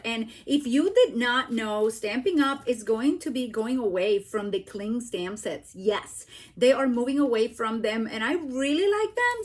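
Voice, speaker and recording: Lady doing a live stamping demo, kinda high voice, chatty and excitable. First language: Spanish. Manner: chatty and exclamatory, with frequent "like" and "okay?". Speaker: stamping demonstrator. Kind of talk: casual live craft demo.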